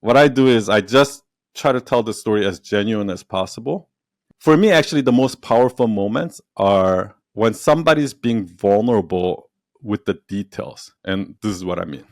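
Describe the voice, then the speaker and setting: A man's voice: on the low side, lively intonation, moderate pace, no room sound, clean studio sound. A man speaking as a guest in a casual interview, telling stories animatedly, acting out quotes and laughing often. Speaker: podcast guest, entrepreneur and storyteller.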